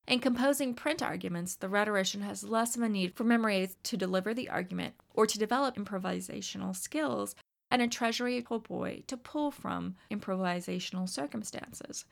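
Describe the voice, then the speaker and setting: A woman instructor narrating a scripted lecture about teaching writing, in a measured academic reading manner. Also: medium pitch, vocal fry.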